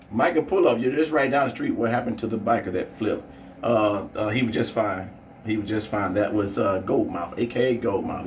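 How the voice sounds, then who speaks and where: A man's voice: fairly low pitch, a little hiss or hum. St. Louis man, live-stream host, calls races with hype, recorded from a distance outdoors. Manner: chatty, hypes up races, shouts out viewers. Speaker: livestream host. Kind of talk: casual live commentary. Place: outdoors at a drag strip.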